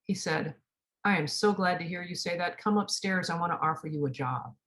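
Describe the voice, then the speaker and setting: A woman's voice: lowish voice, brisk, fairly bright tone. A middle-aged woman hosting a spiritual talk, telling a personal story in an earnest way and acting out the dialogue. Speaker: spiritual teacher and host.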